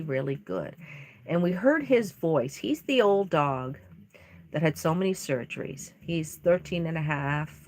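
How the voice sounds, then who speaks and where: A fairly low-pitched woman whose voice swoops up and down with lively expression. She chats casually while working on a live stream and drifts into long, rambling stories. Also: a little hiss or hum. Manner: rambling storyteller, chatty and expressive. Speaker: doll artist streaming live. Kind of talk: casual chat while painting.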